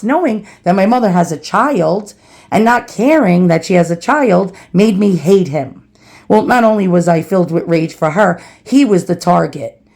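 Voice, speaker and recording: A woman's voice: mid-range voice, gravelly, darkish tone. New woman rambling through a storytime vlog, chatty, does the voices of people she quotes. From New York City. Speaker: storyteller vlogger. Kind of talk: casual spoken storytime.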